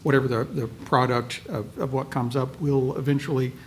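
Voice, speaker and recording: A man speaking as a county official at a public meeting, halting and often repeating words. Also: medium pitch, steady tone, slight background noise.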